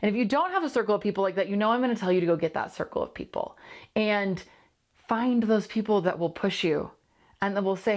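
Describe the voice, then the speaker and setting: A woman's voice: fairly low pitch, very animated, a little fast. Earnest woman coach talking candidly. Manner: earnest, confessional, repeats phrases for emphasis. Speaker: host and coach. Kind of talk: candid solo monologue to camera.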